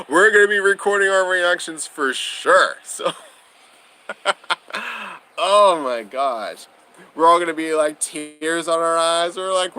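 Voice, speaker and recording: A man's voice: on the high side, measured pace, pushed and bright, clean tone, low-quality recording. A young man hosting a casual livestream, chatting with viewers in a bubbly, gushing way and laughing often. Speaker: livestream host.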